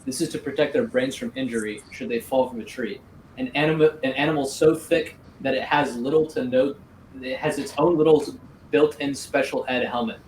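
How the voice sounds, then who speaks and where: A man reading out a scripted rant in a sardonic, deadpan way, with crude asides. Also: mid-range voice, a little fast. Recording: roomy echo, faint noise.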